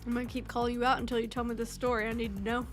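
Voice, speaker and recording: A woman's voice: fairly high pitch, little pitch movement, very fast, soft background music. A young woman streamer reading online stories aloud and chatting casually with her viewers. She is laid-back, swears freely and talks while eating snacks.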